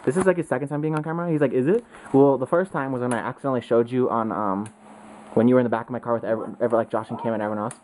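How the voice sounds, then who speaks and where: A young woman vlogging with friends, excitable and swearing a lot. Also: rumbling low, racing, poor audio. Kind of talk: casual vlog chat. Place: indoors with friends.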